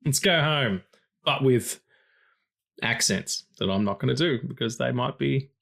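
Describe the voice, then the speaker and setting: A man's voice: medium pitch, unhurried, gravelly, a bit bright. A man co-hosting a film podcast in casual chat, rambling and profane, jumping between tangents. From not from the co-host's country. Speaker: podcast co-host.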